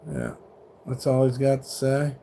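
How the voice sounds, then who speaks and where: A man's voice: medium pitch, very animated, a little slow, creaky, warm tone. A middle-aged man livestreaming from a truck stop, talking casually and swearing as he taunts trolls in the chat. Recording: faint background noise.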